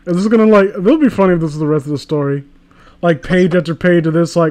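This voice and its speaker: A man's voice: a little high, quick pace, a little mellow. A man hosting a comedic reading, casual and crude, with sarcastic, mocking asides. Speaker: host reading fan fiction aloud.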